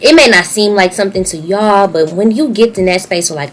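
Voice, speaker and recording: A woman's voice: medium pitch, fairly quick, a little hiss or hum, low-quality recording. A young woman with a Southern US accent, talking candidly to her viewers in a personal video diary. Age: young adult. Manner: candid, emotional, speaking to viewers. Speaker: YouTuber.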